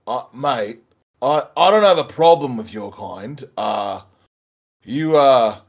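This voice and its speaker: A man's voice: medium pitch, lively intonation, takes it slowly. Pete, a man putting on a stammering Aussie parakeet. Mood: flustered. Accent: put-on Australian. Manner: nervous, stammering, pedantic about animal names. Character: chatty small male parakeet from Australia. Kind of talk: tabletop role-play.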